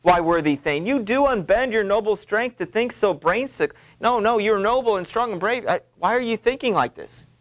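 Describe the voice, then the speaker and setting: A man teacher voicing Lady Macbeth in a classroom read-aloud, raising his voice higher and firing off quick impatient questions. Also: expressive. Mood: scolding. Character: fretful, scolding woman, a noble's wife.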